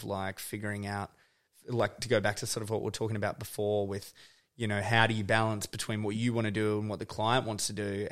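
A man's voice: lowish voice, a bit bright. A young man, a guest on a podcast, talking in loose casual chat full of "like" fillers. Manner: loose and chatty, with many "like" fillers.

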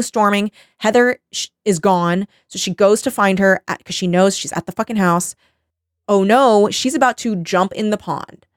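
A woman in her thirties co-hosts a book podcast, rattling through the plot with plenty of "like" and the odd curse. Her voice is smooth and clear, at an ordinary pitch, and the sound is very dry and close. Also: no room sound. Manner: rambling plot summary with quoted voices and swearing. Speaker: podcast co-host. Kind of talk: casual book recap chat.

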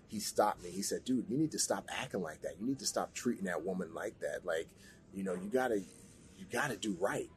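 Low-voiced man telling an earnest story. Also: slight background noise. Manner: earnest storytelling, rises sharply when emotional. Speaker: guest. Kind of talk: personal testimony in a podcast interview.

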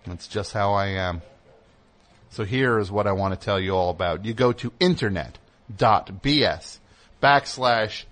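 A man's voice: fairly low pitch, measured pace, a bit bright. A man hosting a call-in radio show, reading an ad with a jokey, rambling, mock-earnest manner. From United States.

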